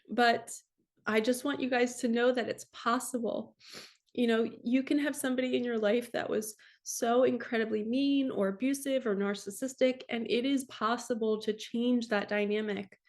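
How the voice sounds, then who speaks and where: Woman, 40s, spiritual coach, earnest heartfelt delivery, fairly high-pitched. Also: steady tone, moderate pace. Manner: earnest and emotional, tearful in places. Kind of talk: personal testimony to camera.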